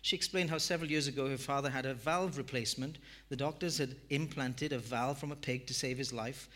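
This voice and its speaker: Male pastor, mid-pitched, self-deprecating sermon storyteller. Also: fairly bright tone.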